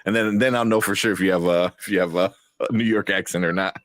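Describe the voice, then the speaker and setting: A man's voice: low voice, steady tone, quick pace, a bit bright, no room sound, clean studio sound. A young man from Chicago with a Chicago accent, hosting a casual live-stream chat, chatty and laughing often. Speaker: show host.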